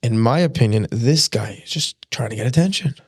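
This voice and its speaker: A young man, a podcast guest, telling a personal story in a casual, animated way, acting out quotes and laughing often. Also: mid-range voice, fairly quick, breathy edge, dry recording, clean studio sound. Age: young adult.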